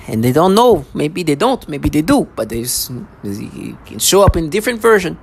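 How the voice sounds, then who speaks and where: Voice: mid-range voice, sing-song, moderate pace, creaky, slightly rough. A vlogger speaking in a rambling personal monologue, agitated and repetitive, with frequent stammering restarts.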